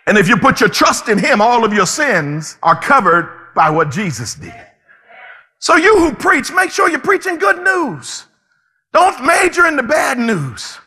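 A male pastor preaching an impassioned sermon, often shouting his points. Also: extremely high pitch, wildly swooping pitch, measured pace, in a large hall.

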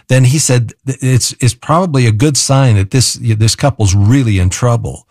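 A man hosting a conversation, asking a long question with fillers and pauses. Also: medium pitch, a little mellow, no room sound, clean studio sound. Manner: halting, thoughtful questioning with fillers. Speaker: podcast host. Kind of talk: casual interview question.

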